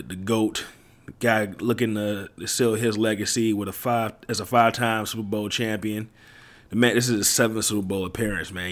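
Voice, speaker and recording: A man hosting a sports podcast, hyping up the listeners in a slangy, excitable way and tossing "man" and "y'all" into nearly every line. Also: lowish voice. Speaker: podcast host. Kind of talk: hyped-up solo podcast intro.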